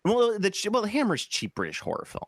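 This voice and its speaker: A man's voice: high voice, wildly swooping pitch, fairly quick, dry recording, clean studio sound. A man in his forties co-hosting a podcast, rambling through casual chat with jokes and frequent laughs. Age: 40s. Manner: rambling, jokey, laughs often. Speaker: podcast co-host.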